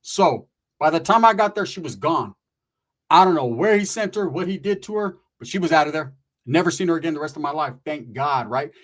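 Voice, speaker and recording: A man telling a rough personal story in casual, profane street slang, animated and conversational. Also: a little high, a little fast.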